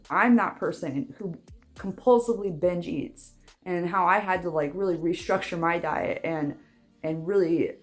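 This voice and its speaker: A young woman talking casually in a vlog, chatty and rambling, with frequent restarts. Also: on the low side. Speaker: vlogger.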